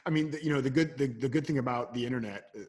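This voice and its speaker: A man's voice: mid-range voice, very fast. A man answering interview questions as a coach, telling stories and acting out little exchanges. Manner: animated storyteller, acts out voices. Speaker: coach, podcast guest. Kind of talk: casual interview conversation.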